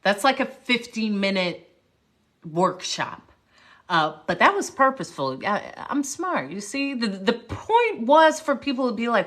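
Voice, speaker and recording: A woman speaker telling a personal story on a livestream, lively and full of asides to viewers. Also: on the high side, moderate pace. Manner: animated, jumps around, greets viewers. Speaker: motivational speaker, livestream host.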